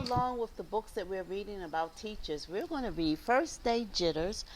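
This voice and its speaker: Lively singsong woman reading to kids. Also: mid-range voice, moderate pace, few pauses, very noisy. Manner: animated, singsong, gasps and prompts children. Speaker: children's librarian. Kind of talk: storytime read-aloud for kids. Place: outdoors in a park.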